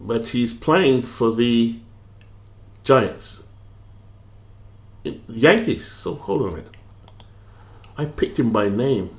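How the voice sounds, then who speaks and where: A British man talks through a sports management game on a live stream in a relaxed, rambling way. He thinks aloud, pauses on "uh" and "um," and reads out notes from his viewers. His voice sits at an ordinary, mid-range pitch for a man. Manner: chatty, thinks aloud, reads out viewer comments, many fillers. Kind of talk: casual live-stream commentary.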